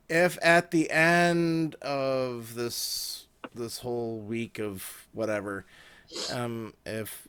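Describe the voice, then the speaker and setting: A man playing a tabletop role-playing game in character, talking in a halting, hesitant way with many fillers. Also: mid-range voice, fairly bright tone, clean tone.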